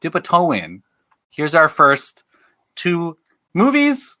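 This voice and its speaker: A man's voice: a little high, wildly swooping pitch, slow pace, sharp tone. A man hosting a casual podcast quiz game, playful and laughing often as he announces rounds.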